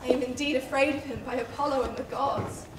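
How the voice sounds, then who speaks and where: A woman acting a lovesick, anxious young man in a stage play, with a lively, exasperated delivery. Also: sits high, fairly quick, lightly acted. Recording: echoey hall, mic far off, faint noise.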